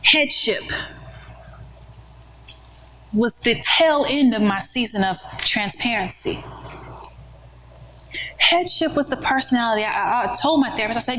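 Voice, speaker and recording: A woman's voice: high-pitched, moderate pace, fairly bright tone, a little hiss or hum, rough recording. Emphatic woman giving a motivational keynote. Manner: emphatic, conversational preaching with rhetorical questions. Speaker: keynote speaker. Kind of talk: motivational conference talk. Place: conference room with an audience.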